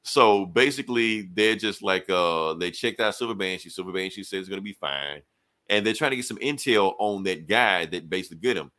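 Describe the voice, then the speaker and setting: A young man co-hosting a podcast, retelling a comic book story in casual chat, acting out characters' lines with swearing and quick asides. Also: deep voice. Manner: animated storytelling, casual profanity, quick quoted dialogue. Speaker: podcast co-host reviewing comics.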